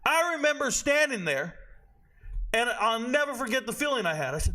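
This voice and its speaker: Bright, high-voiced blunt man ranting. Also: sing-song, moderate pace. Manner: blunt, profane, rambling into tangents. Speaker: sports commentator and show host. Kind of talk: casual opinionated rant.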